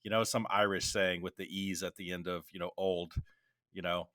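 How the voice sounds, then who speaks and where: A middle-aged military veteran co-hosting a podcast tells rambling anecdotes in a very low voice with a bright, forward edge, speaking flatly at normal speed with a veteran's casual looseness. He circles back, restarts often, and uses many fillers. The recording is dry and close, with no room sound.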